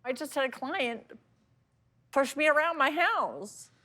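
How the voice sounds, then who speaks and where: A woman's voice: sits high, expressive, a little slow, sharp tone. A woman on a talk show as a guest, agitated and accusing, repeating herself. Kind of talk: emotional confrontation.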